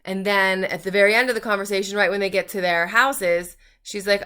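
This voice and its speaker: Chatty young woman, bright clear voice. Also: medium pitch, fairly even intonation, fairly quick, hardly any pauses. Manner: chatty, many fillers, acts out quoted dialogue. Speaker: vlogger. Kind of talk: casual book talk while doing makeup.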